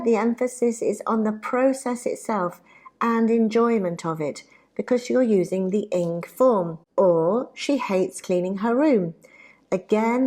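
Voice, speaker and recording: British woman teaching grammar, real slow and careful, mid pitch. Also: a little mellow. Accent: British English. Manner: deliberate, carefully spoken examples. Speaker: English teacher. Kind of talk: slow, clear grammar lesson.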